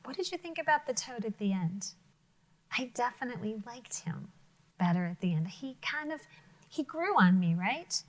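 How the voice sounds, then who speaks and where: Slow, high-voiced woman teacher reading aloud. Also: poor audio. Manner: expressive, asks children questions, drops to whispers. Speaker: elementary school teacher. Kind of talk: picture book read-aloud lesson for children.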